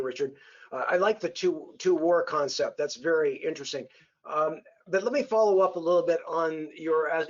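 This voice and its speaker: Male moderator, slightly high voice, halting and courteous, dull recording. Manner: polite, halting, many fillers. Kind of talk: interview questioning.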